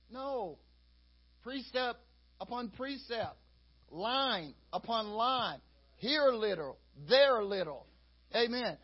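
A high-pitched male preacher with a husky voice delivers a folksy, conversational sermon. He keeps leaning on "you know" as he talks. The recording sounds dull and lo-fi.

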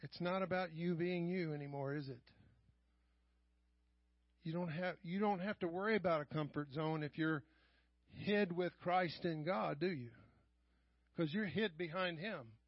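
A middle-aged man with a high voice preaches a sermon, dropping to quiet asides and then rising to loud, raised passages. The sound is dry, with no room echo, and muffled like a lo-fi church live stream. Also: measured pace, long pauses. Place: church sanctuary.

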